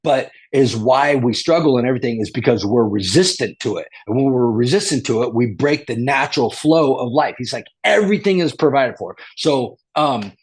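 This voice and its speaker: A man's voice: medium pitch, normal speed, few pauses, darkish tone, breathy edge. A man as a guest, telling a rambling story with lots of restarts and casual slang like "dude" and "bro".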